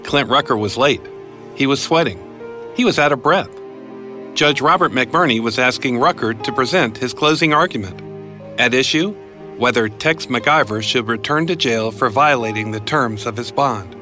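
A man narrates a true-crime podcast in a bright, crisp voice, telling the story in a matter-of-fact way. Faint music plays under him. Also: mid-range voice, normal speed. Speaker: podcast host and reporter. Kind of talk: scripted narration.

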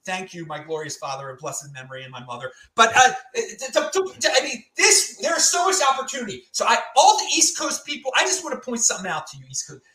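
Loud, ranting male host in a roomy echo. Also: very high-pitched, big pitch swings, fast talker, few pauses, recorded from a distance. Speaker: show host. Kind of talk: live-stream panel chat. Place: home studio in Salt Lake City.

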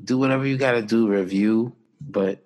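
A man's voice: fairly low pitch, moderate pace, darkish tone. A man co-hosting a casual comedic podcast from a city apartment, joking and playful, sometimes singing a jingle. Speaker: podcast co-host. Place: apartment in a city, windows closed, sirens outside.

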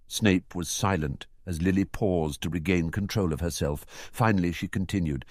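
A man's voice: low voice, normal speed, few pauses, dry recording. A man narrating a fan fiction audiobook expressively, voicing every character himself. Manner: expressive, performs all the characters. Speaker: audiobook reader.

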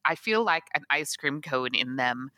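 A woman co-hosting a casual podcast chat, plain-spoken and relaxed, often answering briefly. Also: low voice, normal speed, no echo. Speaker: podcast co-host.

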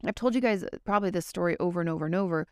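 A woman's voice: on the low side, racing, smooth, no room sound, clean studio sound. A woman therapist talking casually and candidly to her viewers, giving advice and now and then swearing. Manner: candid, conversational, occasionally swears.

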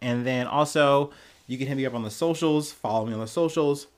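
A man hosting a solo podcast in a casual, conversational tone. He talks bluntly and animatedly, swearing freely, at a medium pitch that is neither high nor low. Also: fairly quick. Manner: blunt, profane and animated, with frequent laughs. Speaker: podcast host. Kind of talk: casual solo news commentary.

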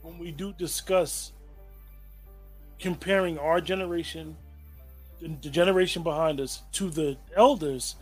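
A man's voice: on the high side, measured pace, long pauses, slightly rough, faint music behind. A man hosting a casual group discussion, reflective and thoughtful, often restarting sentences as he thinks.

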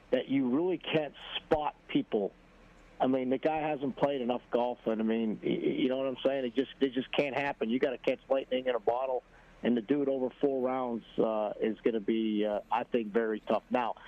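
A man commenting on golf, halting and full of fillers. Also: mid-range voice, lo-fi sound. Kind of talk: sports commentary.

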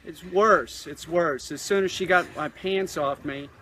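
High-voiced man, noisy outdoor clip. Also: sharp tone. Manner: halting, repeats himself, grows distraught and strained. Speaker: man in a confessional video clip. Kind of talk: rambling confessional account. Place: outdoors in a dry creek bed.

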